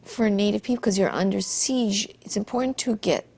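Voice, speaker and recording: Husky-voiced woman interviewer. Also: mid-range voice, a little fast, darkish tone. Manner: supportive, affirming. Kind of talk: interview questions.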